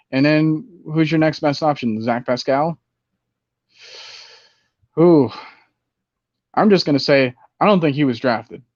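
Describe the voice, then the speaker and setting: A man hosting a casual fantasy football show, rambling and animated, with many fillers. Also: a little high, no echo, dull audio. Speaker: fantasy football podcast host. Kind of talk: casual sports talk.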